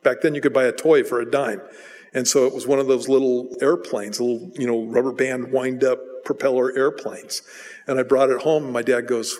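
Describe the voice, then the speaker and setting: A pastor giving a sermon in a conversational, storytelling way, with self-deprecating asides. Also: male voice, medium pitch, fairly even intonation, brisk, darkish tone. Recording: long hall reverb.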